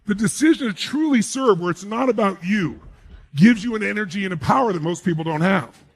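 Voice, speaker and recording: A man's voice: high-pitched, animated, a little fast. A man giving a live motivational speech to an audience, emphatic and full of rhetorical questions. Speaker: motivational speaker.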